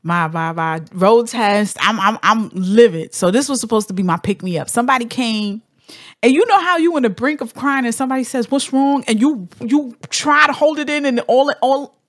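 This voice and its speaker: A woman hosting a podcast in casual chat, telling stories with lively acted-out voices. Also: fairly high pitch, moderate pace, no echo, studio quality. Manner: animated storyteller, acts out quoted voices. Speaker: podcast host.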